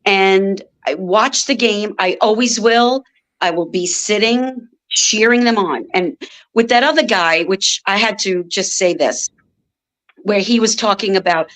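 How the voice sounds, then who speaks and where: A woman's voice: medium pitch, unhurried, fairly bright tone, low-quality recording. Nervous, emotional female caller. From North Carolina. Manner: emotional, nervous, swears when angry. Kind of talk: phone-in call.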